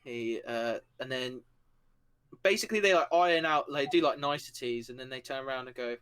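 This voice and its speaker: A man's voice: mid-range voice, fairly quick, a bit bright, clear, resonant tone. A man narrating a tabletop game as game master, loose and full of fillers.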